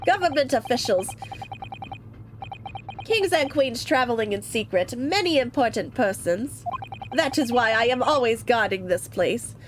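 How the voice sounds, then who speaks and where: A woman voicing a gruff, burly male sailor who speaks curt, broken English, reading lines from a game. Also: fairly high pitch, expressive, measured pace, a little hiss or hum. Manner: curt, clipped broken phrasing.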